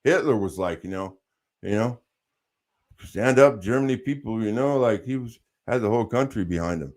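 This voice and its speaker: A man's voice: lowish voice, animated, moderate pace, darkish tone. A man chatting casually as a podcast host, laid-back and profane, dropping "dude" and "bro" often. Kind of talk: casual chat.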